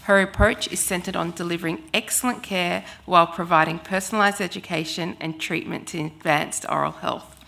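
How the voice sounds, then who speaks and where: Woman with a low gravelly voice. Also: fairly even intonation, moderate pace, few pauses, bright, forceful tone. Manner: formal, scripted. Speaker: event host. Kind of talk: reading a speaker introduction.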